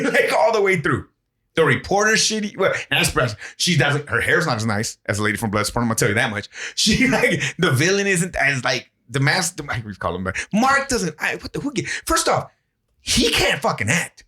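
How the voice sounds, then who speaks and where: Male podcast co-host, high and bright voice, excitable, curses freely; casual movie-review banter. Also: moderate pace. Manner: excitable, swearing, laughing often.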